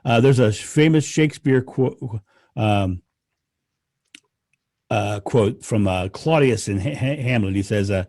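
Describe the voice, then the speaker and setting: A man, a podcast guest, talking in casual conversation, animated and laughing often as he rants. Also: lowish voice, unhurried, creaky, long pauses, no echo, studio quality.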